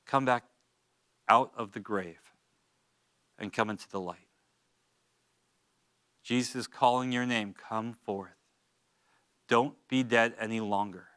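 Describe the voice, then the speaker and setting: A man's voice: medium pitch, steady tone, a little slow, pauses often, fairly bright tone, clean tone, dry recording, clean studio sound. A man teaching a Bible study in a church, reading scripture and urging listeners with earnest, informal asides. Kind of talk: expository Bible teaching with exhortation.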